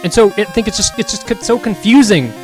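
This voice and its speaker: A man's voice: high voice, animated, fast talker, faint music behind. A man streaming and chatting casually, reading out chat comments and rambling through his thoughts with frequent restarts. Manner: rambling and self-questioning, with many restarts; grows louder and more heated later on.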